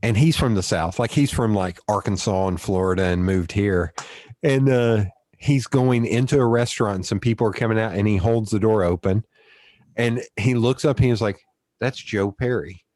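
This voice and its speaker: A male podcast host telling stories in a casual chat, animated, laughing often and swearing freely. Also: on the low side, normal speed, no room sound, studio quality.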